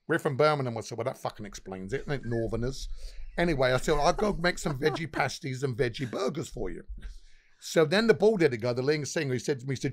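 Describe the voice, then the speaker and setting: A man's voice: a little high, expressive, fast talker. A man, a pub owner, telling rambling, profane anecdotes as a podcast guest. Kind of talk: casual podcast storytelling.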